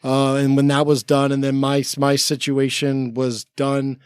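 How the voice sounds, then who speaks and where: An American man in his forties, a guest on a podcast, tells personal stories in a casual, rambling chat full of restarts and "like" fillers. His voice is medium-pitched and monotone, measured in pace, with a clear, resonant tone. Recorded on a studio mic, there's no echo.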